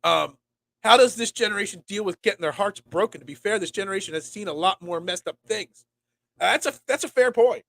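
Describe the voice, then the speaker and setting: This sports talk show host is a man in his forties from Pennsylvania, and he's sick and congested. His voice is high, creaky, fairly bright, lively in intonation, and fairly quick; he rambles and stammers with many restarts while reading and answering chat.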